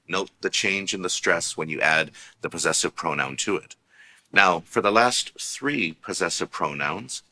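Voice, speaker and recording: Low-voiced guy teaching a language lesson, real patient, sounds out examples. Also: unhurried, bright, forceful tone. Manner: explanatory, patient, spells out pronunciation examples.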